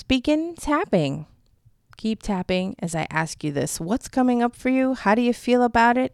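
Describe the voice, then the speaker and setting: Gentle woman guiding a tapping session. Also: mid-range voice, dry recording, studio quality. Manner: gentle, reassuring, slow pauses for repeating. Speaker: EFT tapping guide.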